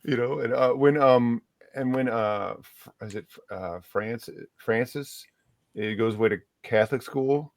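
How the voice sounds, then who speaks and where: A man's voice: mid-range voice, a little slow, dry recording. A man chatting casually about a book, rambling with many restarts as he hunts for names. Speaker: guest reviewer.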